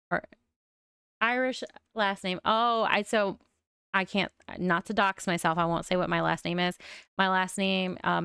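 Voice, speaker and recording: A woman's voice: lowish voice, vocal fry, fairly bright tone, clean tone, dry recording, clean studio sound. Chatty woman streamer with a mild lisp. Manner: chatty, musing aloud with frequent oohs. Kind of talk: casual game-building commentary.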